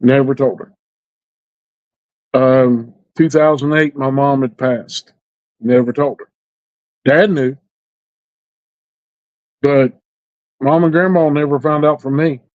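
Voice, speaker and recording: A middle-aged man, telling a personal story as a podcast guest in plainspoken, rural speech with halting pauses. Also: mid-range voice, fairly even intonation, dry recording. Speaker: interview guest. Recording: dull lo-fi recording.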